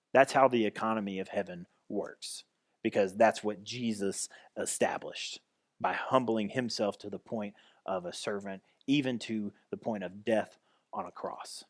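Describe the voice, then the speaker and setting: A man pastor giving a conversational sermon, restarting and repeating phrases as he goes. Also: lowish voice.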